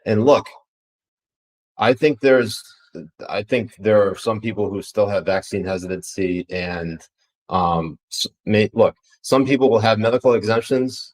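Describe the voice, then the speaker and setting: Male podcast co-host with a very low voice, blunt and profane, loose rambling delivery. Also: poor audio. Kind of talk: casual political podcast chat.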